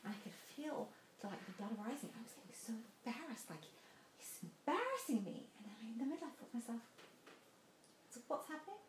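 Woman motivational speaker, somewhat high voice, lively storytelling, echoey hall with faint noise. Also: fast. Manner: animated storytelling, laughs often, direct questions to listeners. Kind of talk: motivational talk to a live audience.

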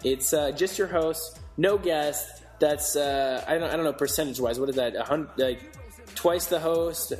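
A man's voice: a little high, normal speed, a little mellow, roomy sound, soft background music. A man co-hosting a podcast in casual chat, sarcastic and rambling, with lots of restarts. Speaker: podcast co-host.

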